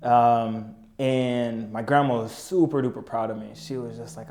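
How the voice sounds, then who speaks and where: A young man chats as a podcast guest. His voice sits in the middle range, and his talk is relaxed and full of street slang. He keeps checking in with his listener as he tells his stories. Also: medium pitch, unhurried. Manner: laid-back, slangy, keeps saying "you know what I mean". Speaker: podcast guest, business owner. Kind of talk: casual storytelling chat.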